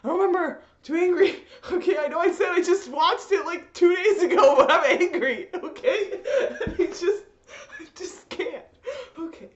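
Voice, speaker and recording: A young woman ranting in an exasperated, animated vlog, laughing often. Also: extremely high pitch, normal speed, a little hiss or hum. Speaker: vlogger. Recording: echoey room, slightly dull.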